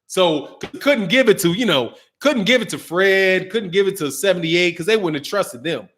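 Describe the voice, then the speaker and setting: High-voiced man ranting about boxing. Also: normal speed. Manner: animated, slangy, mocking. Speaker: boxing channel host. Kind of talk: casual commentary rant.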